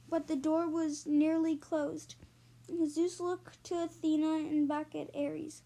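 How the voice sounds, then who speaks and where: High-voiced woman reading a storybook. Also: dark tone. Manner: unhurried reading with frequent ums and self-corrections. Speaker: storybook reader and podcast host. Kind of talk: reading a children's chapter book aloud.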